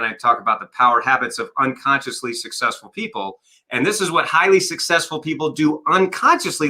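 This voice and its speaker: A man being interviewed as a success coach, telling lively stories and acting out the dialogue of his clients over a video call. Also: mid-range voice, rough recording. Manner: energetic storyteller, acts out dialogue. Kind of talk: conversational interview.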